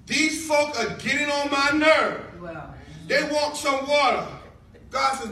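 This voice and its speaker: A man preaching a sermon with animated, shouting delivery and call-and-response. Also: very high-pitched, unhurried, distant mic. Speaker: pastor. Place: church. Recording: echoey hall from afar, congregation. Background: congregation responding.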